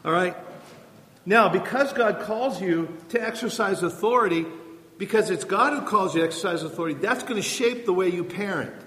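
A man's voice: high voice, normal speed, a bit bright. Man, preacher, emphatic sermon, rhetorical questions, reverberant hall.

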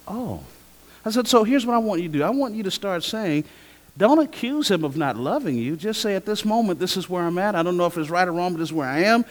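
A man preaching a sermon as pastor, acting out both sides of conversations in a lively way. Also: high-pitched, a little fast. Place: church hall. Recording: long hall reverb.

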